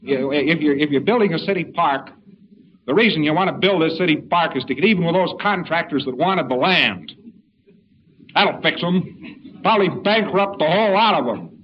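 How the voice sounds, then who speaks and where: A man's voice: on the high side, moderate pace. A man giving an informal lecture in a folksy, rambling way with wry asides. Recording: dull lo-fi recording with faint hiss.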